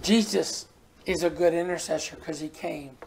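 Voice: mid-range voice, fairly even intonation, moderate pace, gravelly, a little mellow. A preacher giving a folksy sermon and reading scripture, often repeating words for emphasis.

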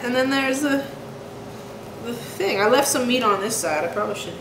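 Young woman, chatty how-to vlog, slightly high voice, echoey room, background noise. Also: animated, moderate pace, fairly bright tone. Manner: chatty, self-coaching while working. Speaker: vlogger.

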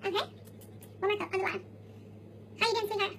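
A woman's voice: extremely high pitch, steady tone, fast, noisy background. A young adult woman vlogger giggling her way through a casual makeup tutorial.

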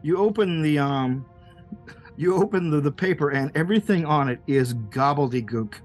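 A man's voice: a little high, moderate pace, faint music behind. A man narrating a tabletop game as game master, loose and rambling, laughing often.

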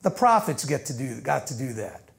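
A man's voice: mid-range voice, sing-song, moderate pace, gravelly. A man teaching a congregation of about a hundred and fifty people through a microphone, in a loose, conversational sermon with frequent self-corrections. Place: meeting room with about 150 people.

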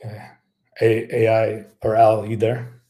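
A man's voice: fairly low pitch, completely flat delivery, unhurried, mellow. A man co-hosting a live stream who answers with short affirmations and reads viewer comments aloud. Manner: brief affirming interjections. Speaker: co-host reading viewer comments. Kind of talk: casual livestream co-hosting.

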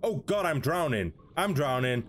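A man's voice: a little high, sing-song, normal speed. A young man giving casual game commentary, chatting, laughing and talking to creatures in the game. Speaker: gaming video host.

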